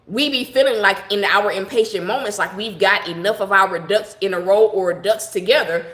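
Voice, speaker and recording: A woman's voice: medium pitch, moderate pace, a bit bright, reverberant. A middle-aged woman giving a personal devotional talk, telling her story in a conversational, heartfelt and reflective way. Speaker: devotional broadcaster.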